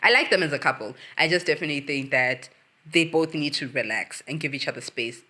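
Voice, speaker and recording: A woman's voice: low voice, brisk. A woman hosting her own channel, chatting casually through a reality-show recap, acting out cast members' lines and laughing often. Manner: animated, acts out quotes from the cast. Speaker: host.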